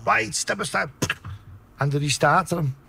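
A man with a Liverpool accent telling a story in a casual way, swearing a lot and acting out his own shouts. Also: on the high side, a little slow, gravelly, a little hiss or hum. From Liverpool, England.

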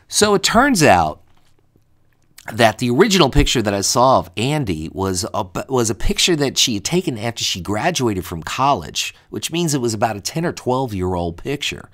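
A man's voice: mid-range voice, sing-song, moderate pace, fairly bright tone. A man telling a comedic story about bad dates, exasperated and acting out the dialogue.

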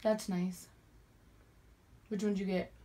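A woman's voice: medium pitch, level tone, slow, dark tone. A young woman hosting a casual vlog, chatty and giggly, with many fillers. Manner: giggly, chatty, full of likes. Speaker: vlog host. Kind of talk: casual chat.

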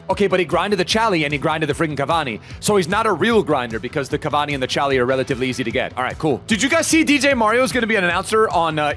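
A young man giving lively, excitable commentary as he plays a football video game, talking straight to his viewers and venting when things go wrong. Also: a little high. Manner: animated, talks to viewers, frustrated outbursts. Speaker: gaming YouTuber.

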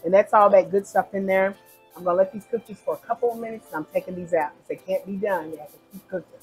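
A woman's voice: mid-range voice, fast talker, darkish tone, soft background music, rough recording. A woman cooking at the stove in a home kitchen, chatting casually and narrating each step for her viewers. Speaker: home cook.

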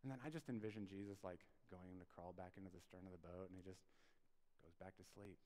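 A male pastor preaching a sermon, conversational and animated, swinging from loud bursts to soft asides. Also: low voice, quick pace, big-room sound. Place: church sanctuary.

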